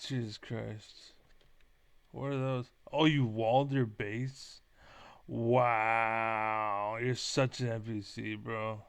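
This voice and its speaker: A man's voice: on the low side, level tone, slow pace, smooth. A man streaming a strategy game, ranting and trash-talking his opponent with lots of swearing. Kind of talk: live gameplay commentary.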